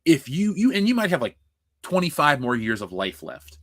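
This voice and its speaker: A man's voice: a little high, sing-song, moderate pace, fairly bright tone, no echo, clean studio sound. A man hosting a casual livestream, reading chat and ranting bluntly with profanity. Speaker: livestream host.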